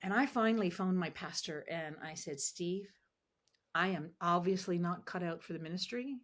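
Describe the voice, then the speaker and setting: A woman telling animated, emotional stories as a podcast guest, acting out the voices she quotes. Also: fairly low pitch, normal speed. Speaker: podcast guest, ministry founder. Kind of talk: conversational storytelling interview.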